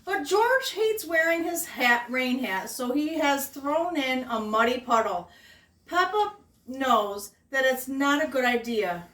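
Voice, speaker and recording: A woman reading a children's storybook aloud as a guest, animated and sing-song, asking the kids questions. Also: sits high, takes it slowly. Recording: roomy, distant mic.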